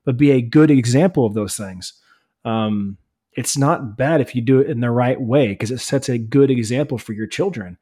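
A man's voice: mid-range voice, normal speed, warm tone, breathy edge. A man co-hosting a faith-based podcast, plain-spoken and encouraging, repeating points for emphasis. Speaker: podcast co-host.

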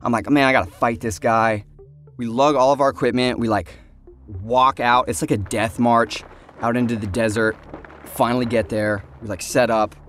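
Man telling a story, animated. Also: mid-range voice, normal speed, faint music behind. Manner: animated, acts out other people's lines. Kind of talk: casual storytelling.

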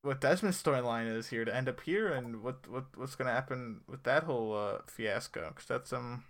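A man co-hosting a podcast gives a laid-back recap of a TV episode, rambling, laughing often and self-correcting along the way. His pitch is medium and his pace moderate.

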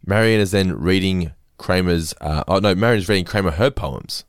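A man's voice: sits low, normal speed, smooth, no room sound, studio quality. A man co-hosting a podcast, recapping a sitcom in casual chat, laughing often, swearing freely and acting out the lines. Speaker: podcast co-host.

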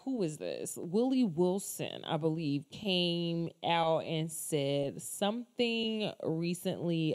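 A woman talking casually into her camera in a rambling, exasperated opinion rant, swearing often and calling her viewers y'all. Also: fairly low pitch. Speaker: commentator.

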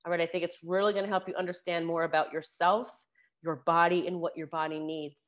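A woman hosting her own podcast, slightly hoarse from a sore throat, chatting through announcements in a relaxed way with fillers. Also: fairly low pitch, a little fast. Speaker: podcast host.

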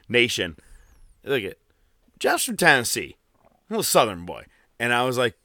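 A man's voice: medium pitch, huge pitch swings, normal speed, pushed and bright, dry recording. A man co-hosting a podcast in casual chat, joking around and putting on mocking voices when he quotes people. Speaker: podcast co-host.

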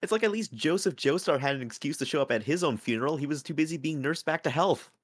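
A man hosting a casual anime podcast, talking in a laid-back, filler-heavy way and bursting into loud laughter. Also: fairly high pitch, lively intonation, quick pace. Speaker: podcast host.

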